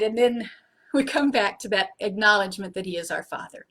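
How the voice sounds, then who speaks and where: A middle-aged woman teaches a Bible study in an earnest sermon style. Her voice sits somewhat high, and she stresses key phrases before dropping to a soft, low close. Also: a little fast. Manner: earnest, preaching with emphatic rises and soft drops.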